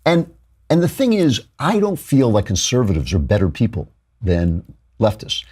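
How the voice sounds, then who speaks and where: Male talk host, opinionated and quick, low-pitched, husky, very animated intonation. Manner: fast, argumentative, laughs mid-sentence. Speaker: political talk show host. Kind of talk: opinionated commentary.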